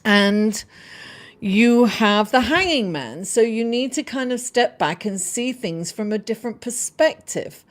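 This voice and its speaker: Giggly woman hosting a relaxed livestream. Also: a little high, a little slow. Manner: giggly, chatty, reading viewer comments. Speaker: astrology livestream host. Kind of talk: casual livestream chat.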